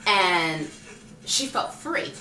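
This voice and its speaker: Speaking extremely slowly in a fairly low pitch, a woman reviews films on her vlog in a casual, animated way, performing the characters' lines. A distant mic picks up roomy echo, and faint music plays.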